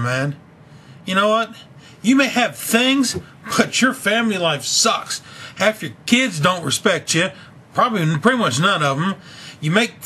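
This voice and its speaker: Husky-voiced young man ranting angrily. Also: sits high, pushed and bright. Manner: angry, ranting, profane. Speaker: video blogger. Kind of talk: casual venting vlog.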